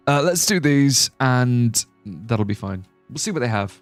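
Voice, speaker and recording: A man's voice: medium pitch, expressive, takes it slowly, hardly any pauses, darkish tone, faint music behind. A young man streaming a game, chatting casually and thinking aloud as he plays. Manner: rambling, thinking aloud with fillers. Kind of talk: casual live-stream chat.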